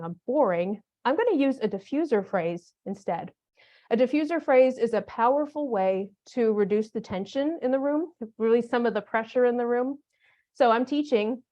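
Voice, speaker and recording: A woman leads a teacher workshop in a relaxed, conversational way, using humor and everyday classroom examples. Her voice sits on the higher side. The recording is dull and lo-fi. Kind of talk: conference workshop talk.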